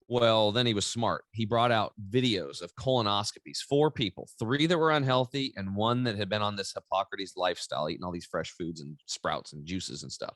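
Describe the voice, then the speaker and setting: A man's voice: fairly low pitch, a little fast, hardly any pauses, a bit bright, dry recording. A man in his forties, a podcast guest telling a personal story with lots of energy and animation. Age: 40s. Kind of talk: casual storytelling interview.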